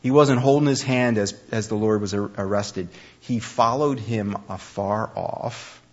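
A man preaching a conversational sermon, telling the story with animated, acted-out speech. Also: lowish voice, measured pace. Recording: dull lo-fi recording.

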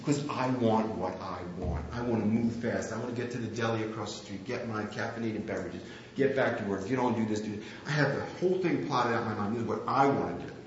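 A man's voice: on the low side, a little fast, few pauses, a little hiss or hum. Candid preaching man in echoey hall. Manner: candid, self-deprecating storytelling. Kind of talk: sermon with personal anecdote. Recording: very echoey, slightly dull room recording.

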